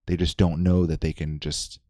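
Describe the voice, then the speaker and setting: A man's voice: low-pitched, flat delivery, moderate pace, warm tone, no room sound, studio quality. A man co-hosting a podcast, chatting in a loose, reflective way with plenty of fillers and restarts. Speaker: podcast co-host. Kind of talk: casual chat.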